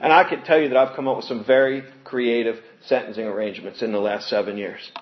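Male speaker sharing his recovery story, earnest, lively quoting; dull lo-fi sound. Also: mid-range voice, fast. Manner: earnest storytelling, animated when quoting others, laughs with audience. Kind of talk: personal testimony talk. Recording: muffled lo-fi recording.

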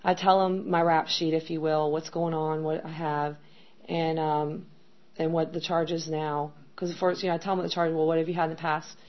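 Speaking at a moderate pace with a low voice and flat delivery, a middle-aged woman shares her recovery story frankly as personal testimony. The telling wanders, thick with fillers, over dull lo-fi sound with faint noise behind it.

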